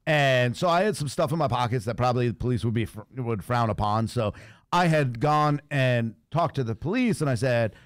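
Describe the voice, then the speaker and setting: A man's voice: medium pitch, fairly quick, no room sound, studio quality. A man hosting a radio show, telling a story in casual chat and acting out the people in it, often laughing. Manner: animated, acts out voices in his stories, laughs often.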